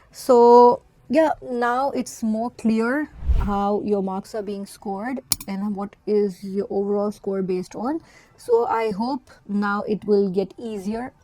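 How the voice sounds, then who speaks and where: A woman teacher explaining an English exam's scoring step by step, defining terms and listing question types as she goes. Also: mid-range voice. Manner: explains step by step, defines words, lists items in a steady teaching rhythm. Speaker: English test tutor. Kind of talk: explanatory exam-prep lesson.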